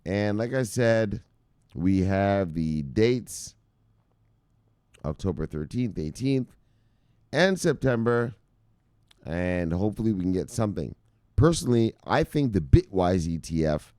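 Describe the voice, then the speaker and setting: A man with a deep voice runs a casual crypto news show, swinging his intonation up and down as he gets worked up. He swears freely and keeps calling his viewers brothers. The sound is dry and close. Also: no room sound. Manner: animated, profane, talks to viewers as brothers. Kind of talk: excitable casual news commentary.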